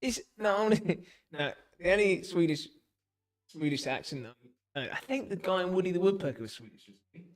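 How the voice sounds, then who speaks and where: A man's voice: high-pitched, animated, normal speed. A man chatting on a livestream quiz, rambling and hesitant. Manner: rambling, hesitant, restarts often. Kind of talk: casual livestream chat.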